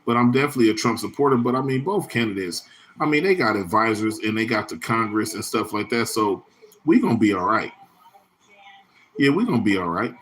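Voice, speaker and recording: A man's voice: lowish voice, animated, a little fast, a bit bright, a little hiss or hum. A man hosting his own livestream in a loose, rambling, profane way, full of slang and answering viewers' chat comments by name. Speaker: livestream host.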